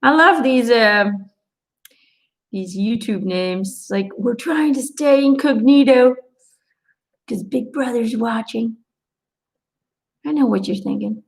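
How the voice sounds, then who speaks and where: Her voice is slightly high and gravelly, her pace slow with long pauses, and the recording is poor. This middle-aged intuitive card reader chats through a live angel card session, comforting viewers directly and telling animated stories with quoted asides.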